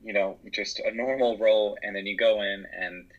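Deep-voiced earnest American man, lo-fi sound. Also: steady tone, moderate pace. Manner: earnest, reflective, with frequent restarts. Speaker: podcast guest, actor and writer. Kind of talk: casual conversation. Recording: dull, lo-fi.

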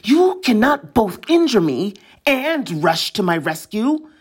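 A woman narrator voices a defiant, injured young girl in a storybook. She is fierce and talks through gritted teeth in a slow, breathy voice. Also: medium pitch, big pitch swings, full character voice.

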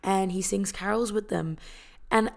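A woman's voice: mid-range voice, a little slow, vocal fry. A woman casually retelling a movie in a chatty, heartfelt way, full of fillers and the odd swear word. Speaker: vlogger.

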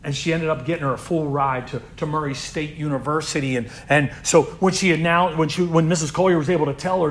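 A man who leads a youth group, telling stories in an inspirational sermon, earnest and repeating words as he builds, dropping to a hush and then rising loud. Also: on the high side, steady tone, fast talker, few pauses, slight background noise. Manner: earnest, swings from hushed to loud emphasis.

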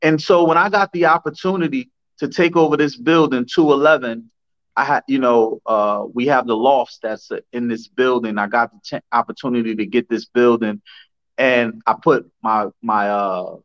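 A man's voice: medium pitch, fairly even intonation, moderate pace, a bit bright. New guy telling stories on a podcast, laid back and slangy, kinda dull lo-fi sound. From New Jersey. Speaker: guest, councilman and rapper. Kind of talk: casual interview talk.

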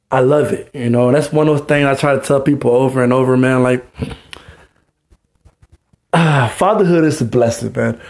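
A man's voice: medium pitch, a little mellow. A young man hosting a podcast, talking alone in a rambling, heartfelt way and often asking "you know what I mean". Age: young adult. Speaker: podcast host. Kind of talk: personal monologue.

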